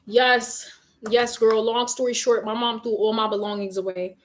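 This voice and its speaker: In an echoey bedroom with faint noise, a young woman livestreams and chats frankly with viewers in slangy language. She's winded from making her bed. Her fairly high voice stays level, at a normal speed.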